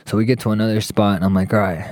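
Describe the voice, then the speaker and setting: A man's voice: fairly low pitch, racing, dry recording. Profane young man telling a wild story. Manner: profane, animated, acts out quotes. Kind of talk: casual storytelling with friends.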